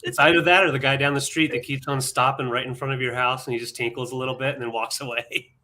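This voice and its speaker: A woman co-hosting a live sale stream, chiming in with quick agreement and joking asides. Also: extremely low pitch, steady tone, sharp tone. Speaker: co-host. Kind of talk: casual live-stream chat.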